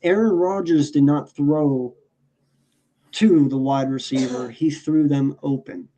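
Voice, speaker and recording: A man's voice: on the high side, slow pace, dark tone. A man talking sports casually as a podcast co-host, emphatic and profane, often restarting his sentences.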